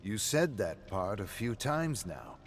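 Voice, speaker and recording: A man voicing a calm, wry pub-owner friend who needles with dry, steady remarks. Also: lowish voice, takes it slowly, creaky, slight background noise, full character voice.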